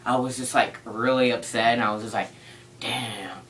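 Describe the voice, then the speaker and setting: A man's voice: mid-range voice, little pitch movement, quick pace, fairly bright tone, a little hiss or hum, rough recording. A teenage boy telling a story in a casual vlog, rambling with lots of "like" and a playful tone. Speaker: vlogger.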